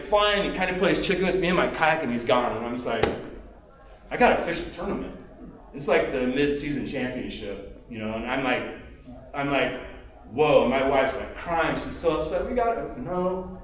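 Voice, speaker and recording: A man speaking at a seminar, telling a story casually and rambling, with many "you know"s and acted-out quotes. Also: fairly high pitch. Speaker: seminar speaker, tournament kayak angler. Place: expo seminar hall. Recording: echoey hall, mic far off.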